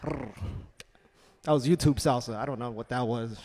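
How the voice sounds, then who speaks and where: A man doing a stand-up comedy set with a punchy, animated delivery. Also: medium pitch, unhurried, big-room sound, slight background noise. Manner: animated, punchy delivery with silly acted-out voices. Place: comedy club stage.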